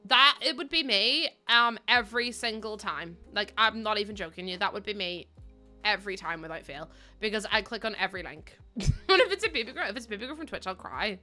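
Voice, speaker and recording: A woman's voice: medium pitch, brisk, bright, forceful tone, soft background music. A young woman with a Northern Irish accent, chatting casually and telling funny stories while streaming a building game, swearing and laughing often. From Northern Ireland.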